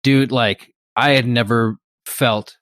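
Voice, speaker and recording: A man's voice: medium pitch, fairly even intonation, slow, fairly bright tone, no room sound, studio quality. Rambling laid-back male podcast co-host. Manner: rambling, laughs often, swears casually. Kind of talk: casual podcast chat.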